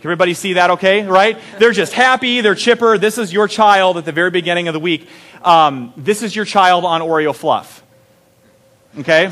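A young man preaching, telling a funny camp story with animated energy and then dropping to a hushed, intimate tone. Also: high-pitched. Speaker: pastor. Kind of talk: storytelling sermon.

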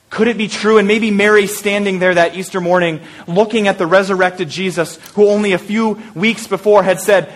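A male pastor with a rather high voice delivers an Easter sermon as a vivid story. He draws listeners into the scene, sometimes sinks to a hushed, intimate tone, and slips in lighthearted asides. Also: steady tone, moderate pace, few pauses.

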